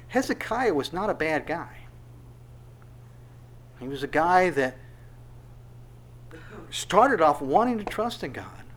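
A man preaching a conversational sermon, retelling scripture in a lively way and often repeating his words. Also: medium pitch, a little hiss or hum. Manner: animated storytelling with repeated words and voiced asides.

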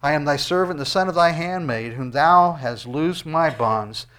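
In his sermon, the pastor reads scripture and closes by praying, alternating loud, lofty exclamations with murmured low asides. His pace is moderate and his tone clear and resonant.

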